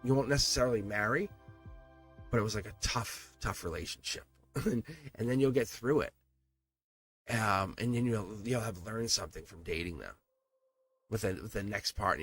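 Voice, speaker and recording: A man's voice: lowish voice, moderate pace, long pauses, fairly bright tone, husky, faint music behind. A man reading tarot on a live stream. He talks to his viewers in an earnest, encouraging way, repeats words and restarts his sentences, and swears now and then.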